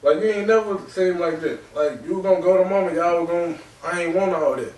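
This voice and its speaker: Talking fast in a high voice with a darkish tone, a twenty-something man hosting a podcast rambles through an emotional, raw story from his own life, dropping "bro" and "real talk" constantly. It's recorded on a distant mic in an echoey room.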